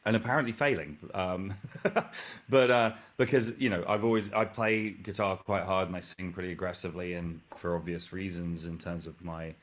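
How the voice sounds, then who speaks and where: A man with a very low voice and an English accent tells stories in a rambling, self-correcting way. He drops casual swears as he chats through an interview. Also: fairly even intonation, moderate pace. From England. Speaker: guest musician.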